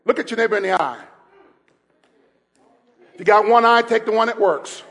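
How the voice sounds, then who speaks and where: High-voiced pastor preaching to a crowd. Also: male voice, normal speed. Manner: call-and-response preaching, builds to shouts; repeats phrases, laughs while speaking. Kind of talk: sermon.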